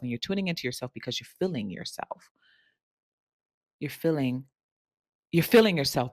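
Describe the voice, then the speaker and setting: A woman speaking as a sensuality coach in a casual monologue, chatty and candid, often tossing in "right?". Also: low voice. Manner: candid and frank, swears casually. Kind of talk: casual direct-to-camera monologue.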